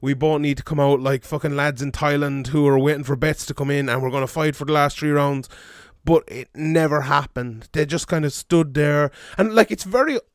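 Irish man in his thirties, clear and dry. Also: a little high, moderate pace, dry recording. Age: 30s. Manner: chatty, swears and laughs often. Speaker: podcast host. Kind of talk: casual podcast chat.

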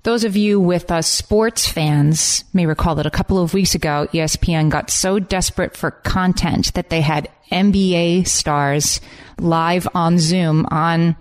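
Woman in her forties, upbeat podcast co-host, lowish voice, reads listener stories. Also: steady tone, unhurried. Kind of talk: casual chat, reading listener stories.

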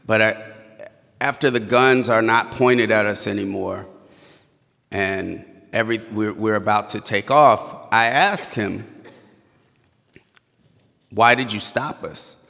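A man tells a personal story live on stage, slow and measured, often halting and stammering. His voice has a gravelly, creaky edge. A long reverb from the hall trails each phrase. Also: fairly low pitch, fairly bright tone. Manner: halting, stammers when tense.

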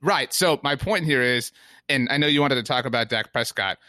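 A man's voice: medium pitch, animated, brisk, bright, forceful tone, no echo. A man co-hosting a casual sports podcast, rambling with many fillers. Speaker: podcast co-host.

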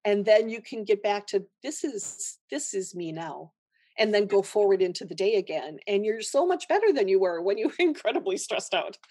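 Animated woman telling a story, dry sound. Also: medium pitch, normal speed, husky, no echo. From Minnesota, USA. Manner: animated storyteller who laughs often and acts out quoted voices. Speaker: guest, holistic nurse. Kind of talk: storytelling in a podcast conversation.

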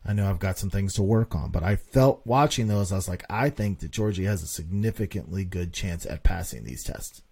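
A man's voice: sits low, animated, a little fast, gravelly, few pauses, a little mellow, slightly rough. A man hosting a casual podcast monologue, talking emphatically and repeating points for stress. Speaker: podcast host.

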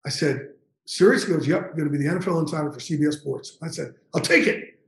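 A man's voice: a little high, very fast, gravelly, darkish tone, roomy sound, rough recording. A man in his fifties, a guest on an interview show, telling an emotional story with intense, profane energy and getting choked up. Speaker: guest, NFL insider.

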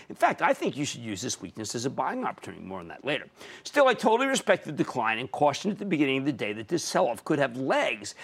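A man's voice: mid-range voice, fairly bright tone. A man in his sixties hosting a market commentary show, talking emphatically and punching key words.

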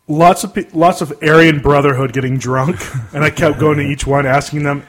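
A man hosting a podcast, joking around in casual chat with dark humor. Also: fairly high pitch, steady tone, moderate pace. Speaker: podcast host.

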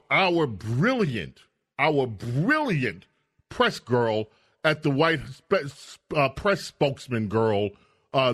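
Hosting political talk radio, this man speaks a little high, with an animated, indignant delivery full of restarts.

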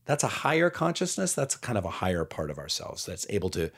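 Low-voiced man musing calmly. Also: fast, husky. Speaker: podcast guest. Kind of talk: reflective conversational talk.

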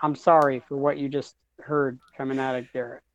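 A man's voice: mid-range voice, flat delivery, brisk, dry recording, dull audio. A man co-hosting a casual gaming podcast, teasing the others in a playful way. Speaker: podcast co-host. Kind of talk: casual chat.

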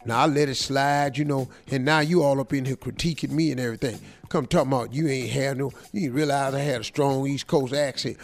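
A man hosting a radio morning show, giving comic advice in a joking, slangy, animated way. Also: mid-range voice, fairly quick, gravelly, hardly any pauses, faint music behind. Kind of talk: comic advice talk, role-playing a letter writer.

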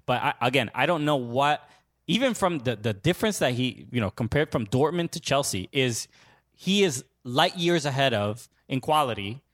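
A man co-hosting a casual sports talk stream, speaking haltingly with many restarts and fillers. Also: medium pitch, animated, a bit bright. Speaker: podcast co-host. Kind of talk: casual chat.

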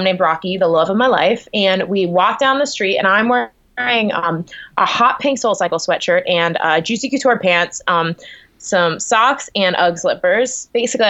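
A young woman telling a story in a casual interview at home, animated, acting out her own reactions. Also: mid-range voice, moderate pace, lo-fi sound. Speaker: guest. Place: at home, on the floor. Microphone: video call.

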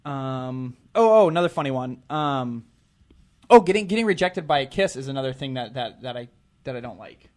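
A man's voice: mid-range voice, lively intonation, normal speed, a little mellow. A man telling a casual, self-deprecating story on a talk show, with many restarts and acted-out quotes.

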